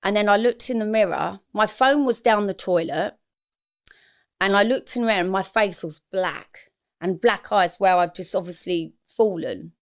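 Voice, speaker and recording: A woman's voice: mid-range voice, moderate pace. A woman, speaking frankly and emotionally as a guest in a candid interview. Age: 40s.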